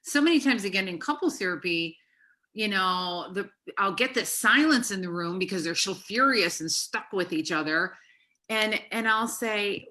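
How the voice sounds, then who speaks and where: A woman hosting a casual podcast conversation as a therapist, telling stories in an animated way. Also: medium pitch, normal speed. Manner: animated storyteller who swears lightly.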